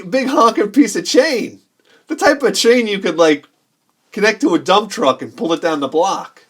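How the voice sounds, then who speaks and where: A man in his forties, a game collector telling rambling childhood stories while showing his games, laughing often and acting out the people he quotes. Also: a little high. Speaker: video game collector vlogger.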